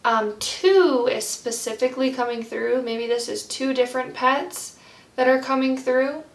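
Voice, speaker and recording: A young woman reading tarot cards in a gentle, heartfelt way, rambling with lots of "like". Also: high voice, a little slow. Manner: rambling, heavy use of "like". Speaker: tarot card reader. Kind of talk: pick-a-card tarot reading. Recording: roomy, slightly distant from mic.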